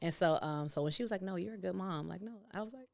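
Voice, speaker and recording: A woman in her thirties, a podcast guest, chatting openly and laughing often, her voice jumping up when excited. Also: fast, vocal fry. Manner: open, laughing, jumps high when excited. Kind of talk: casual podcast chat.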